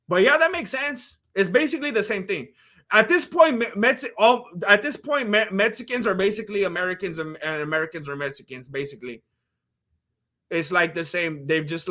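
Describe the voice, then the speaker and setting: Man, from California, high voice, bright tone, rambling livestream chat, lots of fillers. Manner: rambling, chatty, heavy on "like" and "you know". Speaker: livestream fight commentator. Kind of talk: casual livestream chat reading comments.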